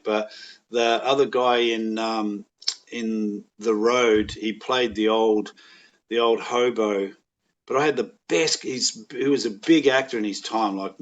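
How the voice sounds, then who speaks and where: A middle-aged Australian man telling rambling, animated anecdotes in a casual chat, with voiced quotes. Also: on the low side, unhurried, muffled recording. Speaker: podcast guest, actor.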